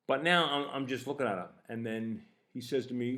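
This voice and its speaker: A man in his fifties casually telling a personal story, animated and swearing as he acts out both sides of the exchange. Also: medium pitch, a little fast. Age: 50s. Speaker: podcast host.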